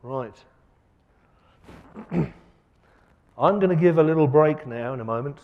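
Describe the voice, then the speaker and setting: A man's voice: fairly high pitch, unhurried, narrow, tinny audio. Emphatic male lecturer in a reverberant hall. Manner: poses rhetorical questions to the audience; uneven, emphatic delivery with sudden loud and soft turns. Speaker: keynote speaker. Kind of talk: conference lecture. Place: large conference hall.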